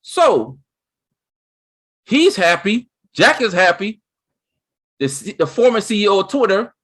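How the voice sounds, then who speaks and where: A man co-hosting a casual chat, talking excitedly and rambling, with many restarts. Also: high voice, unhurried. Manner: excited, rambling, with lots of restarts and "you see what I'm saying". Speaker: co-host.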